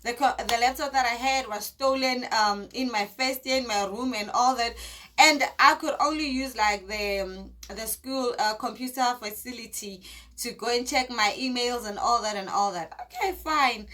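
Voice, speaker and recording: A young woman tells a personal story in a lively, dramatic way and acts out each scene. Her voice is high and bright. She talks straight to her viewers in a casual tone. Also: moderate pace. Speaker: vlogger.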